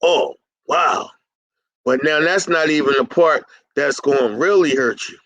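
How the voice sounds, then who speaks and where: A middle-aged man coaches cleaning business owners in a slow, drawn-out delivery. His voice sits a little high for a man. The sound is dry and close. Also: expressive, a bit bright, dry recording, rough recording. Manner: folksy, plays both sides of an imagined dialogue. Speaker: carpet cleaning business consultant.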